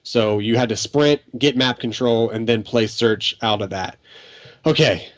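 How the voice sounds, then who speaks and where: A man's voice: mid-range voice, measured pace, no room sound. A young man on a casual gaming podcast, rambling through his points with restarts and fillers. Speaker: podcast panelist.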